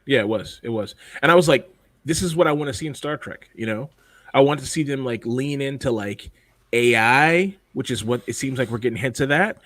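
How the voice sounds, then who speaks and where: A man's voice: medium pitch, a little fast, fairly bright tone, no echo. A man co-hosting a podcast in casual chat, blunt and profane, rambling with lots of fillers. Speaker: podcast co-host.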